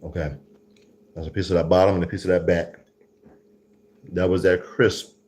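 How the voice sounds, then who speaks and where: A man hosting a live food tasting show, gushing about what he has cooked and swinging from low murmurs to high, excited exclamations. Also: normal speed. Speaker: food show host tasting his own cooking.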